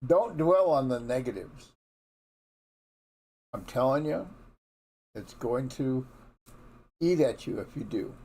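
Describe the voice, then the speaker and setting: A man's voice: medium pitch, expressive, takes it slowly, pauses often, a little mellow. A man giving a casual morning Bible devotion in a frank, folksy, conversational way, often restarting his sentences. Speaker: devotional teacher.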